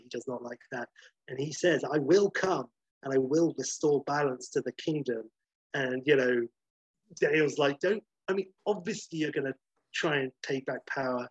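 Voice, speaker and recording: A man's voice: medium pitch, husky, no echo, low-quality recording. A man casually recapping a film plot, rambling and swearing freely, with lots of ums.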